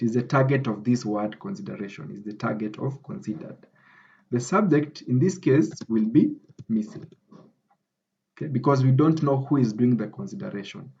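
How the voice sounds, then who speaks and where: A man's voice: mid-range voice, a little mellow, lo-fi sound, a little hiss or hum. A man with a Kenyan English accent explaining grammar as a tutor, often checking in with "okay?". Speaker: academic writing tutor. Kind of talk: screen-recorded grammar lesson.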